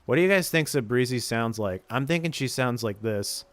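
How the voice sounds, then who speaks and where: A man chats goofily with viewers during a casual live stream, laughing a lot. His medium-pitched, slightly bright voice has lively intonation and a moderate pace.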